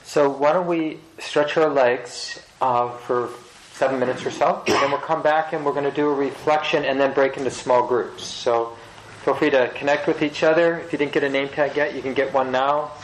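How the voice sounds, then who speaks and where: Male meditation teacher, mid-pitched, gentle and halting, roomy hall sound. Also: steady tone, slight background noise. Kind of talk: dharma talk.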